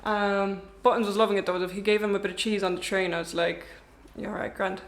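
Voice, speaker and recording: A woman's voice: mid-range voice, fairly even intonation, fast. A young woman, a travel vlogger chatting casually to camera in a rented apartment, rambling and wry.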